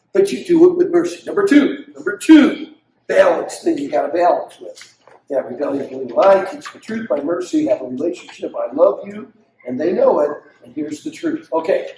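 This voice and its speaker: A high-voiced older man preaching a parenting talk with big swings in his delivery. He slips into the voices of children and parents as he teaches. The sound is roomy, with a faint hum of ambience behind him. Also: far from the mic. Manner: animated preacher who acts out quotes of kids and parents. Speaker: pastor leading a parenting session. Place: church hall.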